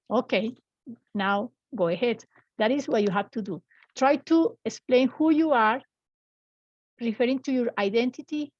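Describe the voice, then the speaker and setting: A woman in her fifties teaching an English class from home over a video call, explaining slowly and patiently with repeated examples. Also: a little high, darkish tone, dry recording, dull audio. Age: 50s.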